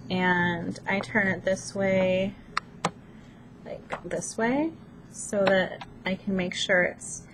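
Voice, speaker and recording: A woman walks through a relaxed craft tutorial in an unhurried, chatty way. She teases herself as she goes. A steady background noise runs under the whole recording. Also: medium pitch. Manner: chatty, self-deprecating, talks while working. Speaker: planner vlogger.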